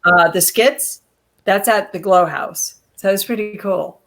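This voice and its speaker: A woman's voice: medium pitch, a little slow, fairly bright tone. A woman guest on a video call interview, telling stories in a chatty way and laughing often. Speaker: guest, former wrestler. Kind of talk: casual interview chat.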